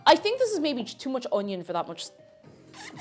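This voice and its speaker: Chatty woman streamer cooking live, playful, a lively higher voice, faint music behind. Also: a little fast. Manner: playful and chatty, breaks into silly noises and sings along. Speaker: livestreamer and VTuber. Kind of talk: casual chat while cooking on a livestream.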